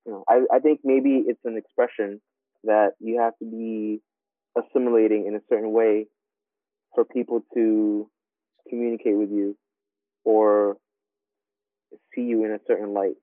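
A man's voice: fairly low pitch, level tone, normal speed, pauses often, no echo. A man from New York chatting on a podcast in a loose, rambling way, full of filler words. His voice comes through thin and phone-like, dry and close, with no room sound around it. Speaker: podcast co-host. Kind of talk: casual chat.

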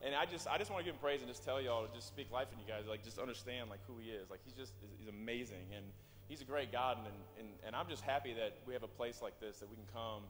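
A man, giving an excitable, rambling church testimony full of fillers and restarts. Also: medium pitch, fast. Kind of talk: personal testimony. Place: church sanctuary. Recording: reverberant church hall with music.

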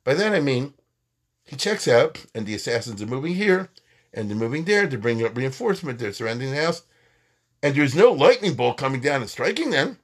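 A man teaches Torah in a chatty, animated way. His husky voice rises and falls a lot as he acts out quoted lines. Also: mid-range voice, brisk.

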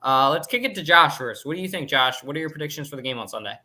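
A man's voice: a little high, expressive, fast talker, bright, forceful tone. Joking man hosting a podcast. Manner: joking, runs segments, laughs often. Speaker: podcast host. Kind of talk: casual podcast chat.

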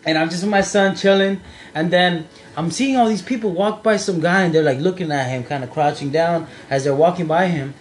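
A man's voice: fairly high pitch, a little fast, a little hiss or hum. A young man, a podcast co-host, telling a story in casual chat and acting out the quotes. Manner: animated storyteller, acts out quotes.

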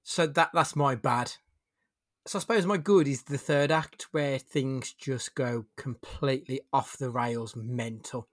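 A man's voice: mid-range voice, unhurried, fairly bright tone. Male podcast host, blunt and wry, casual review chat.

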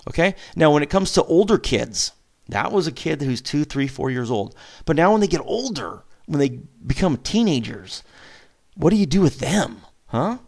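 A man in his forties giving casual parenting advice as a father, animated, chuckling often and jumping up in pitch on questions. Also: moderate pace. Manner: animated, acts out back-and-forth with his kids, chuckles often; pitch jumps up sharply on questions and emphasis.

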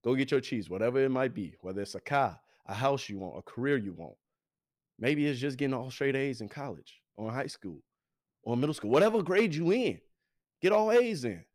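A man's voice: medium pitch, big pitch swings, brisk, a little mellow, dry recording. Young man, podcast host, hyped and preachy, repeats himself, swooping voice, dry recording. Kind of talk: motivational podcast talk.

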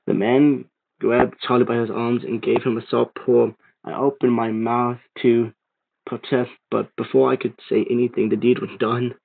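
A man reading a creepypasta aloud, steady but stumbling and restarting now and then. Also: medium pitch, creaky, slightly rough. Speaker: narrator. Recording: tinny phone-like sound.

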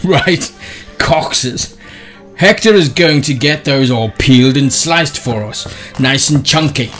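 A man's voice: mid-range voice, takes it slowly, a bit bright, soft background music. A man playing a chirpy cookery-show host in a comedy sketch. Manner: mock-chirpy TV presenter.

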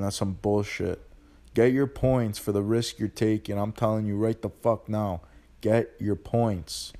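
A young man hosting a podcast, ranting bluntly in profane street slang. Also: lowish voice. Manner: animated, ranting. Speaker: podcast host. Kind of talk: casual monologue.

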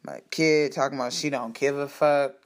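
A woman casually telling a personal story to her listeners, candid and profane, animated and emphatic. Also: very deep voice, normal speed. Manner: speaks to listeners directly. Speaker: storyteller sharing personal life.

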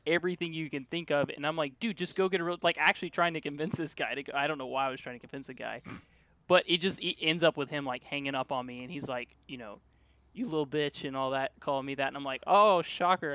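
A man's voice: fairly high pitch, fairly bright tone, no echo. A man co-hosting a casual podcast, rambling through a story with lots of fillers. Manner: rambling, full of "like" and restarts. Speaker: podcast co-host. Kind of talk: casual chat.

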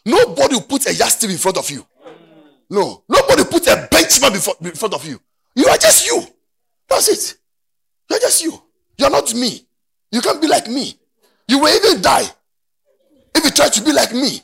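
A man preaching a sermon, dropping to quiet talk and then rising to shouted, sing-song preaching. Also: extremely high pitch, big pitch swings, moderate pace, creaky, husky.

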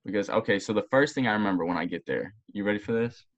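A young man, a former college football player, telling long rambling stories in casual podcast talk, profane and animated. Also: fairly low pitch, fast, lo-fi sound. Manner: rambling, profane, animated storytelling with voiced quotes.

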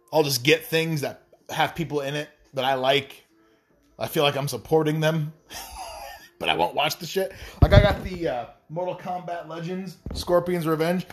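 Profane, rambling male gaming vlogger. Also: a little high. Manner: profane, rambling, wry asides. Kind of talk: casual rambling monologue.

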